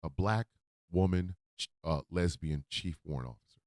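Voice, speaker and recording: A man hosting a radio show, talking from the heart in a profane, emotional monologue that swings into loud outbursts. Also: low-pitched, normal speed, no echo, studio quality. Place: radio studio.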